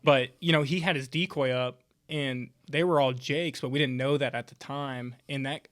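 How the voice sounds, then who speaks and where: A man who is a guest on a podcast, telling a story in an excitable way, laughing and acting out the scene. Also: mid-range voice, moderate pace, no echo, clean studio sound. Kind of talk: casual storytelling chat.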